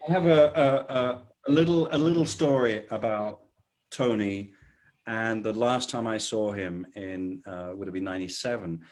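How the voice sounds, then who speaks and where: A man, a guest drummer telling stories in a casual video-call interview, his sentences trailing off softly. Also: on the low side, moderate pace. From England.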